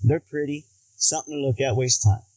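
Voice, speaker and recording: A man's voice: medium pitch, a little fast, no room sound, poor audio. An American man telling funny stories in casual chat, acting out quotes and laughing often. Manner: animated, acts out quotes in other voices, laughs often.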